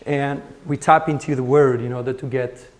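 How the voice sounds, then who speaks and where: Guest lecturer: hoarse middle-aged man, French accent, conversational and informal. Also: medium pitch, steady tone, normal speed. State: hoarse, voice partly lost. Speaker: guest speaker. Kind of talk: conference lecture.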